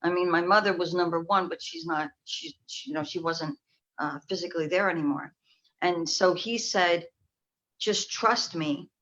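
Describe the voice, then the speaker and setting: This woman from New York, a clairvoyant guest, speaks in a lowish, steady, slightly bright voice at normal speed. She tells her story in a casual interview, rambling, trailing off and starting over. The call audio is dull and lo-fi.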